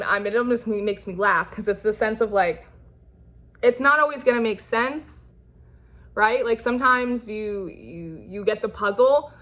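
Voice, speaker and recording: A woman's voice: mid-range voice, fairly bright tone. A young woman giving a casual, reassuring tarot reading, chatty and rambling, with many fillers and restarts. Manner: reassuring and encouraging. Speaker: tarot reader.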